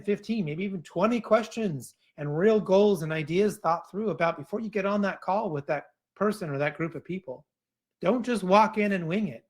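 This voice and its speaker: A man's voice: fairly high pitch, fairly bright tone. A man giving a keynote talk in a conversational way, often restarting phrases and adding asides. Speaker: keynote speaker.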